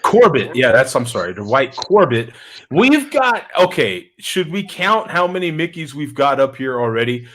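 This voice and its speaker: Male show host, casual chatter, animated pitch, laughs a lot. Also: moderate pace. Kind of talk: casual chat. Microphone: video call.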